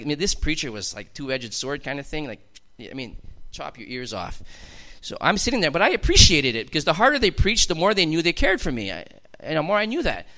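A man tells his own testimony to a gathered congregation. His voice is bright and sits somewhat high for a man. He talks like a storyteller, with heavy emphasis that swells into fervent, forceful passages. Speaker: testimony speaker.

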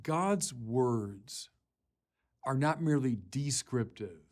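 A man preaching a sermon, unhurried with small restarts, rising to forceful emphasis on key lines. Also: mid-range voice, expressive.

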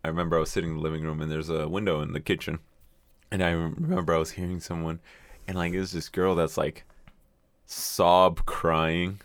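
A man's voice: low voice, flat delivery, brisk, no echo. A man co-hosting a casual podcast, telling a profane, laugh-filled story among friends. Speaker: podcast co-host.

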